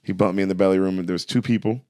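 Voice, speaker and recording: A man, a stand-up comedian, telling a story in casual chat, animated and swearing as he goes. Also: sits low, racing, no echo, clean studio sound. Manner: animated, swearing, excitable retelling.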